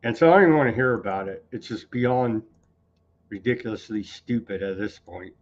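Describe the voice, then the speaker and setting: A man's voice: lowish voice, a little fast, lo-fi sound. A man hosting a live news commentary stream, talking casually with sarcastic, scornful asides and rambling restarts. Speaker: news show host.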